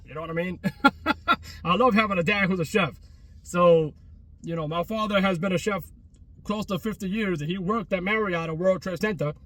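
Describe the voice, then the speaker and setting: A man talks in a loose, repetitive vlog style, full of slang and false starts. His voice is bright and husky. It sits a little back from the mic, with no echo around it. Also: high voice, moderate pace, pauses often, far from the mic. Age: 30s. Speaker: travel vlogger. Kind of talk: rambling casual chat. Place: outdoors by a closed restaurant at a mall.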